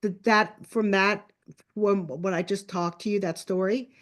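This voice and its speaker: A middle-aged woman telling a family story in casual conversation, chatty and animated, acting out the lines of her relatives. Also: mid-range voice, unhurried. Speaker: guest. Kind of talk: casual storytelling on a podcast call.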